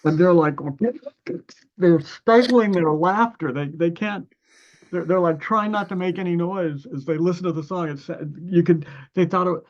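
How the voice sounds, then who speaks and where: A man's voice: high-pitched, moderate pace, lo-fi sound. Older man from Ohio, rambling storyteller. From Ohio, USA. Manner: rambling anecdotes with many restarts and fillers; acts out other people's lines in the story. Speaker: musician guest. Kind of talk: conversational storytelling.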